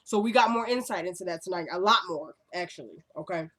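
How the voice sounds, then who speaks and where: A woman talking to her own camera, recapping a TV episode in a chatty, excitable way full of asides. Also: on the low side, fast talker.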